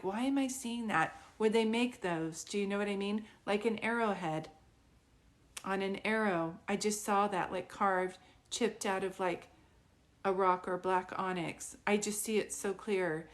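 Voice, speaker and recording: A woman working as a psychic medium, giving a live reading in a rambling, conversational way, full of fillers and often checking whether her words make sense. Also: medium pitch. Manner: keeps checking if it makes sense; earnest, pleading tone.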